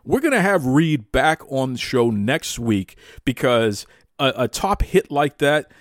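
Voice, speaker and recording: Excitable male wrestling show host. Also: mid-range voice, a little slow, no room sound, clean studio sound. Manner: excitable, playful, exaggerated hype. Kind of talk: hyped casual podcast talk.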